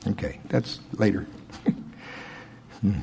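A man preaching a sermon in church, swinging between loud emphatic lines and quiet asides. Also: slow, slight background noise.

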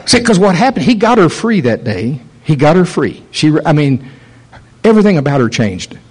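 A man's voice: fairly high pitch, normal speed, breathy edge, rough recording. A man preaching a sermon, telling a story and acting out the voices in it. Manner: animated storyteller, acts out voices.

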